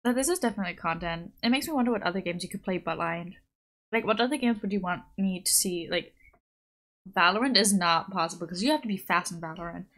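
A woman's voice: fairly low pitch, quick pace, a bit bright. A young woman VTuber chatting casually on a game stream, rambling along with lots of likes and ums. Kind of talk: casual live-stream chat.

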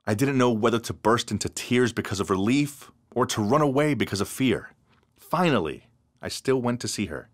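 Lively male storyteller. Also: mid-range voice, normal speed. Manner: expressive storytelling. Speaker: narrator. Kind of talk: scripted narration.

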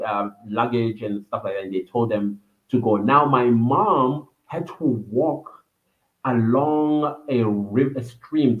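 Male vlogger telling a story, mid-pitched, rambling, tinny phone-like sound in an echoey room. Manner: reminiscing, meandering with fillers. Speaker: vlogger hosting a livestream. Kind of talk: personal storytelling.

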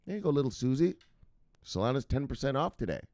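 The crypto market speaks as a sugary, condescending shopkeeper, as a man puts it on in passing. The voice stays close to his own, with a sing-song lilt and a patronizing tone, and a lively swing in pitch. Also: fast, dry recording.

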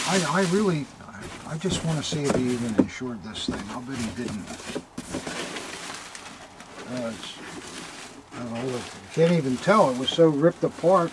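An older man talks through an unboxing in a relaxed, hesitant way, pausing on fillers and letting out amazed asides. Faint noise sits under the recording. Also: on the high side. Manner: hesitant, full of fillers and awed exclamations. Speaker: militaria dealer hosting unboxings. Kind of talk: casual unboxing chat.

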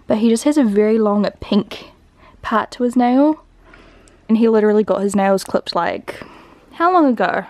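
Twenty-something New woman vlogging at home; chatty, filler-heavy, a bit high with vocal fry. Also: animated, normal speed, pauses often, a little mellow. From New Zealand. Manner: chatty, lots of "like" fillers, talks to her dog. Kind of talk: casual daily vlog chat. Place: home, indoors.

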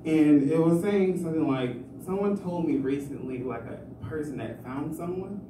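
A man's voice: a little high, moderate pace, mellow. A man doing stand-up at an open mic in a small club, rambling and self-mocking, often laughing at his own jokes. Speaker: stand-up comedian. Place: small comedy club stage. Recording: roomy club sound from far off, faint noise.

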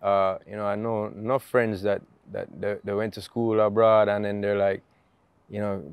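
Laid-back Jamaican man, smooth voice. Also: on the low side, moderate pace, no echo. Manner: relaxed, laughs often, loose storytelling. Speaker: guest musician. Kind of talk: casual interview chat.

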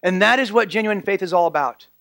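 A man with a notably high voice delivers a church sermon. He speaks earnestly and drives points home by repeating key phrases. The sound is dry and close, with little room echo. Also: fast talker, bright, forceful tone. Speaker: pastor.

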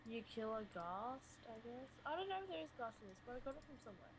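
A woman's voice: fairly high pitch, sing-song, fast, slight background noise. A woman playing a game with a friend, talking in a teasing, offhand way. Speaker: co-player. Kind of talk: casual gaming chat.

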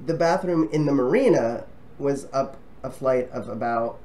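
A man's voice: medium pitch, lively intonation, normal speed, dark tone, slight background noise. A man casually talking to camera as a travel vlogger, friendly and rambling, with frequent ums and restarts. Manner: friendly and chatty.

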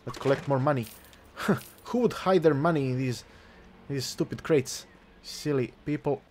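A man's voice: mid-range voice, unhurried, a little mellow. A man casually commentating on his own gameplay, joking around, chuckling and throwing in mock-outraged swearing. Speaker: gaming channel host. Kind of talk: let's play commentary.

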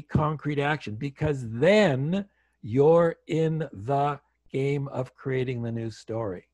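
A man's voice: mid-range voice, no echo. A man guest speaker from Canada, telling stories on an online call and acting out the dialogue with energy. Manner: animated storyteller acting out dialogue. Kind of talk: storytelling talk.

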